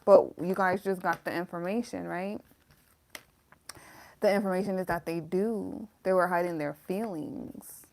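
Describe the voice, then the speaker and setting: A woman's voice: lowish voice, fairly even intonation, unhurried, gravelly, darkish tone, slight background noise. A woman giving a casual, emotional tarot reading, talking straight to her viewers with some swearing. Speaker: tarot reader.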